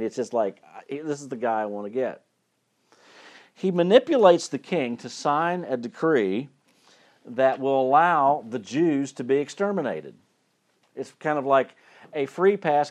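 A man's voice: mid-range voice, a little mellow. A male preacher giving a sermon, retelling a Bible story in a casual, conversational way and often restarting and repeating words.

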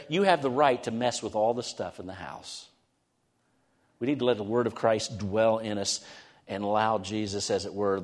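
A middle-aged male pastor preaching a conversational, animated sermon in a church, swinging between lively emphasis and soft, prayerful asides. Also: medium pitch, in a large hall. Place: church sanctuary.

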